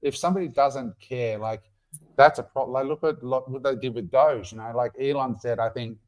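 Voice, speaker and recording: A man's voice: medium pitch, normal speed. A middle-aged man co-hosting a podcast, chatting casually and swearing freely. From Australia. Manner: animated, swears freely, acts out quotes. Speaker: podcast co-host.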